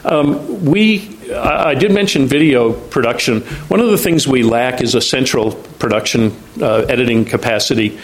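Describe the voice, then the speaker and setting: A man's voice: mid-range voice, normal speed, hardly any pauses, poor audio. A man presenting updates at a meeting, talking with frequent ums and restarts. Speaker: agency outreach staff presenting at a meeting. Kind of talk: meeting briefing.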